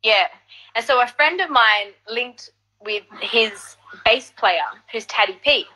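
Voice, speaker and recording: A woman singer telling stories in an animated, casual way during an interview. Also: fairly high pitch, takes it slowly, rough recording. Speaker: singer and guest artist.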